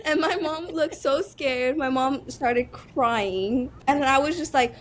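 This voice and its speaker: A young woman on a podcast, telling her story in an animated way and laughing often. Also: sits high, slow, a little hiss or hum. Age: young adult. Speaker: guest, cancer survivor. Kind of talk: casual podcast chat.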